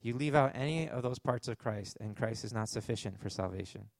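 A man's voice: medium pitch, a little fast, vocal fry, dry recording. A man with a Canadian accent preaching a sermon as pastor, conversational, with asides and fillers.

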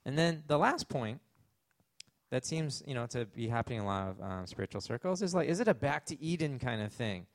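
A man's voice: medium pitch, animated, brisk, no room sound. A man with a Canadian accent preaching a sermon as pastor, conversational, with asides and fillers.

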